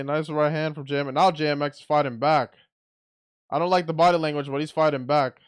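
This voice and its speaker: A man giving blunt, excitable play-by-play commentary on a boxing match as he watches it live. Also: fairly high pitch, fairly quick, smooth.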